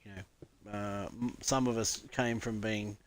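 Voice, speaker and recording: A man's voice: on the low side, steady tone, unhurried. An Australian man chatting casually on a live stream, rambling, laughing often and swearing freely.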